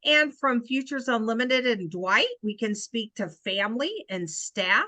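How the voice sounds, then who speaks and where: A woman co-leads an online training over a video call and reads participants' answers back to them. She talks very slowly, and her pitch moves a lot. The sound is bright and dry, with no room echo. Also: expressive. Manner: slow, warm reading of group answers. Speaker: co-facilitator. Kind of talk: virtual training lesson.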